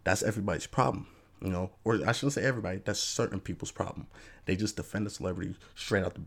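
A man hosting a podcast, talking through his take in a casual, animated monologue with lots of "you know" asides. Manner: animated, acts out fans' voices in a raised pitch. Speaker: podcast host.

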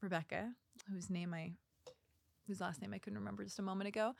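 A woman guest on a podcast, telling stories in casual chat, chatty and swearing, laughing loudly as she talks. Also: medium pitch, fairly even intonation, a little fast, creaky. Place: podcast studio.

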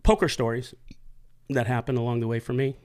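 A man's voice: mid-range voice, brisk, clean tone. A man hosting a podcast, telling stories in casual, profane chat. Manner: profane, animated storyteller. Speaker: podcast host.

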